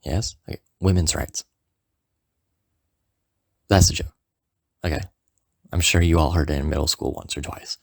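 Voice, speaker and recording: Low gravelly man telling a funny story. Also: steady tone, brisk, long pauses, dry recording, studio quality. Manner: rambling, full of "you know" and "like"; acts out the friend's lines in a higher voice. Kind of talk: casual comedic storytelling.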